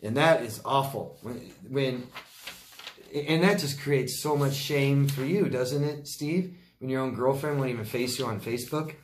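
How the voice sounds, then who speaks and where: A man's voice: mid-range voice, a little slow, slight background noise. A middle-aged man, a relationship coach, answering viewer questions in a casual, blunt, emphatic way that repeats points for stress. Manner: blunt, emphatic, repeats himself, occasional swearing.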